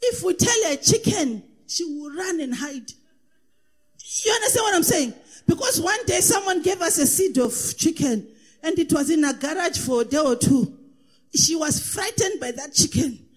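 A woman preaching a sermon in a sing-song cadence, swinging between impassioned shouts and hushed asides. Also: very high voice, expressive, moderate pace. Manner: sing-song cadence, repeats praise refrains.

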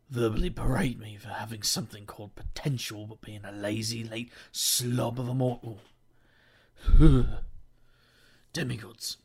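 A man's voice: medium pitch, vocal fry, husky. A man voicing a wry, sardonic male detective who narrates in first person, with dry wisecracking asides.

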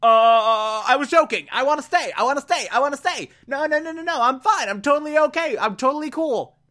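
Podcaster voicing a scared guy backpedaling, high and jittery, repeating himself, bright tone. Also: animated, a little fast. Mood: pleading. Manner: high, jittery, pleading repetition. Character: nervous cornered man backpedaling fast.

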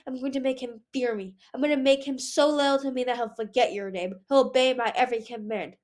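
A woman voicing a cruel female dragon queen in an audiobook reading, slow and menacing with a hiss. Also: sits high, steady tone, darkish tone, voice pushed up, close to an everyday voice. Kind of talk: audiobook read-aloud.

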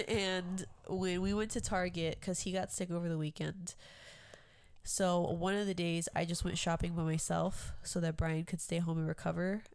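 A young woman co-hosting a podcast tells a story in casual chat, animated and acting out the quotes. Her fairly low voice is clear and resonant, delivered at a moderate pace with clean studio sound and no room echo.

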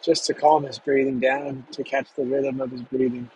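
Male storyteller, young adult, hushed emotional delivery, faint noise behind. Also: mid-range voice, flat delivery, dull audio. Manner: slow, emotional, hushed retelling. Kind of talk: personal storytelling.

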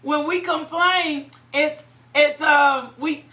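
A woman preaching with a high, bright voice, taking her time and repeating lines for weight. She slips into prayer and sudden high cries of praise. The sound is roomy and echoing, as in a church. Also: fairly even intonation, slow pace. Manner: fervent, breaks into high cries of "ooh" and laughter. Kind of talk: sermon.

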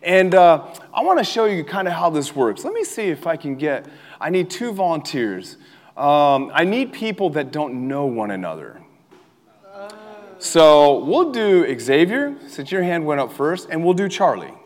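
An energetic young male preacher with a fairly high voice delivers a lively sermon and often calls on the crowd to answer back. His words ring out in a hall with a long reverb. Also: a little slow. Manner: animated, calls for crowd responses, laughs often. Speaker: youth pastor. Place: church hall with a live audience.

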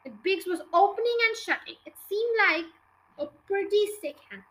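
A woman reading a children's book aloud for her podcast in an expressive, lively way. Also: very high voice, moderate pace, rough recording. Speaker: podcast reader.

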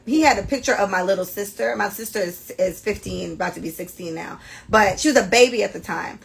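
A woman in her twenties hosting a podcast, telling stories in a blunt, profane, animated way. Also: mid-range voice, vocal fry, poor audio. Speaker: podcast host. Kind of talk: casual storytelling chat.

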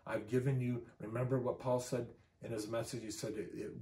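Earnest man preaching, mellow voice. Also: medium pitch, steady tone, brisk, roomy sound. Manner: earnest, repeats phrases for emphasis. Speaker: pastor. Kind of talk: sermon with closing prayer.

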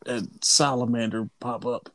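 A young man co-hosting a podcast, chiming in with animated, joking reactions in casual chat. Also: mid-range voice, unhurried, vocal fry, no echo. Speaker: podcast co-host.

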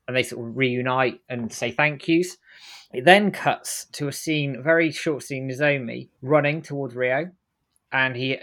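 A man co-hosting a podcast, briskly recapping an episode and tossing off the characters' quotes as he goes. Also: mid-range voice, a bit bright. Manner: brisk storytelling, acts out quotes in passing. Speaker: podcast co-host. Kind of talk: casual recap narration.

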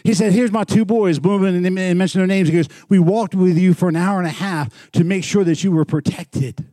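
A man preaching as a pastor, telling a story with animated swings from loud bursts to quiet, intimate passages. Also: sits high, normal speed, dry recording, studio quality. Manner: animated, swings from shouting to hushed. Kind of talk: sermon storytelling.

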